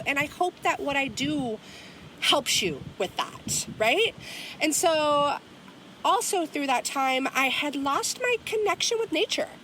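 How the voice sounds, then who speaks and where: A woman's voice: high voice, a bit bright, a little hiss or hum. A woman in her forties hosting a personal podcast outdoors by a river, talking in an earnest, heartfelt way and often checking in with "right?". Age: 40s. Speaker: podcast host, herbalist. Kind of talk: personal reflective podcast talk.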